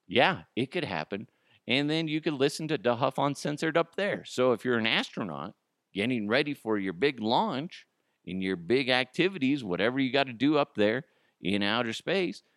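A man's voice: fairly low pitch, a bit bright, no echo, studio quality. A man hosting his solo podcast, ranting profanely and laughing at his own jokes. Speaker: podcast host.

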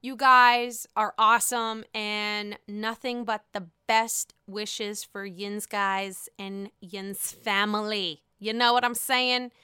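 A woman casually recapping a reality show, animated and profane, acting out the people she talks about. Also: medium pitch, slow, hardly any pauses, smooth, no echo, studio quality. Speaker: recap podcast host.

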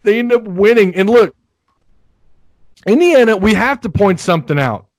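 Hosting a laid-back sports podcast, this Fayetteville, Arkansas man with a light Northwest Arkansas Southern accent speaks in an animated, high voice at normal speed, rambling and laughing frequently. The recording is low quality but has no echo.

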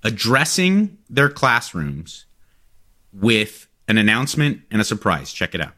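A man in his forties co-hosts a casual chat. His pitch moves a lot as he talks, and he jokes in an animated way. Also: measured pace. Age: 40s. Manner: animated, joking, profane. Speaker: co-host.

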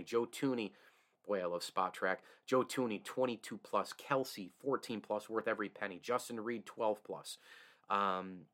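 A man hosts his own sports show in a fairly low voice. He talks in an opinionated, emphatic way. He often stumbles over restarts and chuckles to himself. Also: fairly bright tone. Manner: reads host-read ads. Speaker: sports podcast host. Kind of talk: solo sports talk.

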